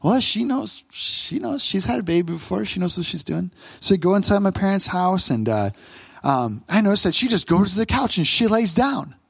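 A man's voice: high voice, moderate pace, creaky, slightly rough, no echo. A man in his thirties preaching a sermon, conversational and humorous as he tells a family story. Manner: conversational, humorous storytelling with animated quoted voices. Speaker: pastor.

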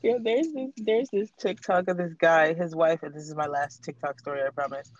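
A woman chatting on a podcast, telling stories in a lively way and laughing often. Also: sits low, normal speed, muffled recording, crowd noise. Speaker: podcast co-host. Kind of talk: casual chat, storytelling.

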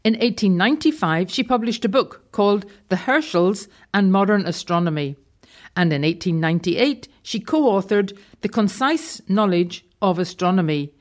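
A woman contributing a prepared talk, reading a historical account in a measured, informative way. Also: mid-range voice, lively intonation. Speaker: guest contributor telling history stories. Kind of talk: prepared talk read from a script.

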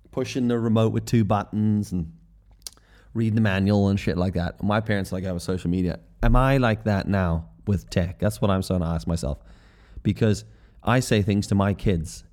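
A middle-aged man rambling through a podcast monologue in a warm, mellow voice that sits a little low. He swears freely and breaks into short quoted voices to act out everyday scenes. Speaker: podcast host. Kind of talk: casual comedic monologue.

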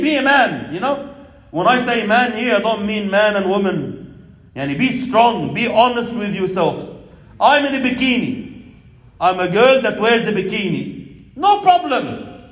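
A high-voiced Islamic preacher delivers an impassioned sermon, addressing his listeners as brothers and sisters and weaving in Arabic religious phrases. The audio is poor, with a roomy sound.

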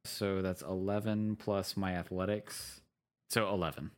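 A man's voice: sits low, steady tone, unhurried. A man playing a tabletop game, talking hesitantly with lots of likes and ums and asking about the rules. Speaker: player. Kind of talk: casual tabletop play.

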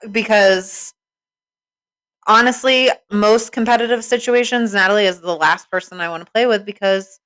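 A woman's voice: mid-range voice, normal speed, fairly bright tone. A young woman in casual banter with a friend, competitive and jokey, chiming in to finish stories. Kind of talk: casual chat.

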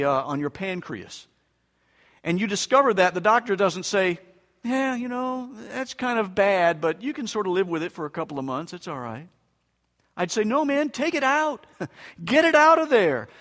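A man preaching a sermon, his voice pitched high for a man. He talks in a conversational way with bits of humor, then leans hard into loud, emphatic lines. The recording carries the long reverb of a large church hall. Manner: emphatic, swings between loud bursts and quiet asides. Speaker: pastor.

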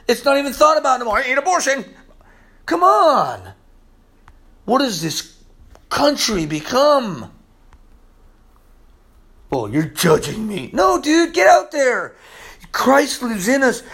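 A man preaching a sermon in a casual, slangy way, swinging from loud emphasis to hushed asides. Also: extremely high pitch.

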